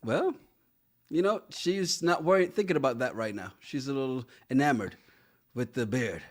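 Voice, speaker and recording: A man's voice: medium pitch, lively intonation, normal speed. A man co-hosting a casual podcast, reading live chat comments aloud and laughing often. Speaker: podcast co-host.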